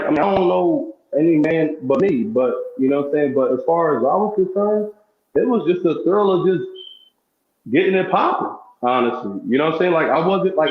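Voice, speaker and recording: A man who is a guest on a talk show, speaking in a frank, laid-back, repetitive way. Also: a little high. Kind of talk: casual chat. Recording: echoey, muffled room sound.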